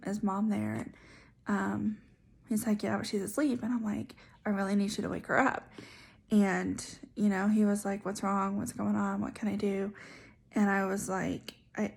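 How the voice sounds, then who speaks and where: A young vlogger shares a personal story casually and chattily, full of fillers and asides. Her mid-range voice is gravelly and husky.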